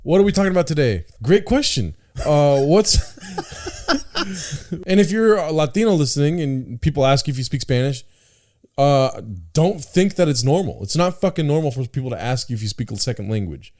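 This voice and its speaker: A man's voice: a little high, big pitch swings, normal speed, a little mellow. A man co-hosting a podcast, blunt and joking, with plenty of profanity. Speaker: podcast co-host. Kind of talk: casual chat.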